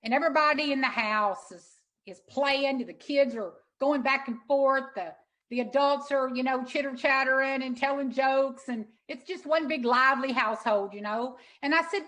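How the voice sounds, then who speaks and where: A middle-aged woman, a guest in an interview, telling an emotional story in an earnest, halting way with many restarts. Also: high-pitched, a bit bright, low-quality recording. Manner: earnest, halting, repeats words when moved. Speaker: interview guest, sanctuary owner.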